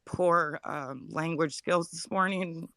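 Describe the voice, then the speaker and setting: A woman speaking emotionally in a live audio chat room, halting and apologetic, close to tears. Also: sits low, a bit bright, dry recording. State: upset, near tears. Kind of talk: emotional personal testimony.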